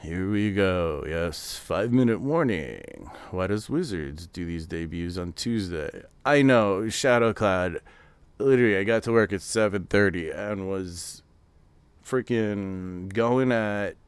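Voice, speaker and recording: American male streamer, low smooth voice, easygoing rambling chat with viewers. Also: no room sound. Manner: rambling, chatty, reads and answers chat aloud. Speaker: streamer hosting a live reveal watch party. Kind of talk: casual live-stream chat.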